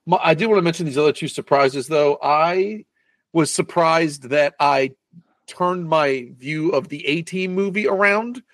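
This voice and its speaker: A man's voice: on the high side, a bit bright, no echo. A man co-hosting a movie podcast, speaking casually with frequent restarts and some swearing. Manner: halting, restarts sentences, casual profanity. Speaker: podcast co-host.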